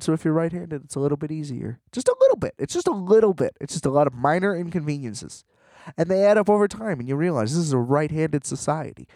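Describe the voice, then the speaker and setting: Podcast host, man, rambling profane rants, dry close sound, voice sits a bit high. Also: dry recording. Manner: rambling, profane, animated ranting. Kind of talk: casual comedic monologue.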